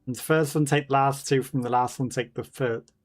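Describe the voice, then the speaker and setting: A man hosting a let's play, reading in-game letters and clues aloud haltingly, with fillers and self-corrections. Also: medium pitch, fairly even intonation, faint music behind.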